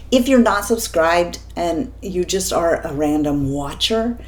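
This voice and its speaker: A woman beauty vlogger wrapping up her video with warm, teasing asides to her viewers. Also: lowish voice, wildly swooping pitch, slow pace. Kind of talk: casual channel sign-off.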